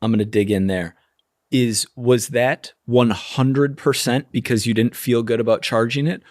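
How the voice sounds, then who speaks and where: A man's voice: mid-range voice, fairly even intonation, moderate pace, a little mellow, no echo, studio quality. A man co-hosting a podcast in casual chat, cutting in to probe with follow-up questions. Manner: probing, asks follow-up questions. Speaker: podcast co-host.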